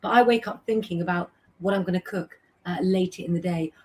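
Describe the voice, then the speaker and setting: Speaking fairly quickly in a somewhat low voice, a middle-aged woman runs a casual live stream. She reads viewers' names and messages aloud between chatting and giving tarot guidance.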